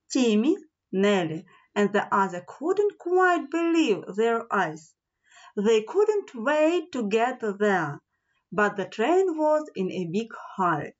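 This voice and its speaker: Brief: woman storyteller for a children's fairy tale, slow and sing-song, higher voice; dull lo-fi recording. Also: sing-song. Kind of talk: storybook read-aloud.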